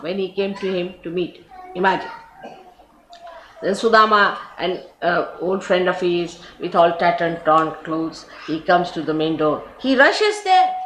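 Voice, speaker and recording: This spiritual teacher, a woman with a lowish, fairly bright voice and an Indian English accent, speaks informally, weaving stories with laughter and chatty asides. The archive recording sounds roomy, with a faint hiss.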